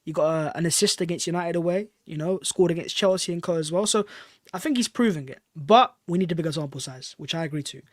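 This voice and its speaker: A man's voice: on the high side, dry recording, clean studio sound. A man co-hosting a fan podcast, chatty and leading the segment. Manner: quick, chatty, leads the segment. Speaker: podcast co-host. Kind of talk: casual football chat.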